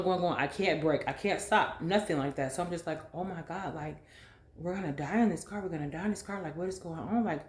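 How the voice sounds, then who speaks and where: A woman vlogger telling a dramatic story in a casual, animated way, full of fillers. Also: low-pitched, roomy sound.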